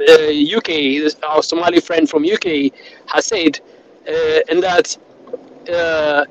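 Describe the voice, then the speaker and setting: Guy rambling on a call from his car, gravelly high voice, road noise behind. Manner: rambling, many fillers and restarts. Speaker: panel participant. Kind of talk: casual discussion on a call. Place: in a moving car. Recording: noisy car call audio.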